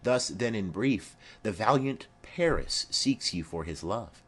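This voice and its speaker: A man's voice: lowish voice, lively intonation, a bit bright. A man voicing a stately noble mother. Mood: formal. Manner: formal, measured. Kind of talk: audiobook play reading.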